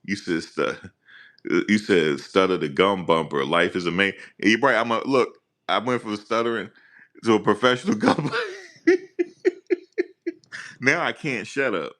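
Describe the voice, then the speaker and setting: A man hosting a live stream, talking casually and teasing his viewers in an animated rant. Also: lowish voice, normal speed, pauses often.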